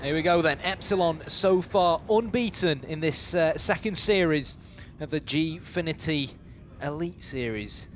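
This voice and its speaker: A man casting a live esports match, lively and playful, building excitement in the big moments. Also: on the high side, unhurried, hardly any pauses, a little hiss or hum. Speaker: esports commentator.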